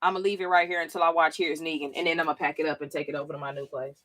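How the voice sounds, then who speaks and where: A woman talking casually on a live stream, tired after a long session, excitable and full of swearing. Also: low voice, rapid-fire, dry recording. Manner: excitable, profane, emotional. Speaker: live-stream comic reader.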